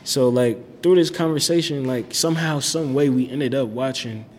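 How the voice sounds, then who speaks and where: A man's voice: mid-range voice, moderate pace, in a large hall, slight background noise. A young man telling his faith story in a casual, slangy way, full of "like" and "bro". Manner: slangy, laid-back, lots of "like" and "bro".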